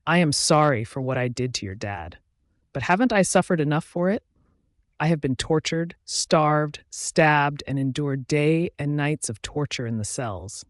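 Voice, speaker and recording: A man's voice: on the high side, lively intonation, measured pace, no room sound, clean studio sound. A man voicing a drunk, heartbroken young she-wolf who pleads and rages in a raised voice. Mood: pleading.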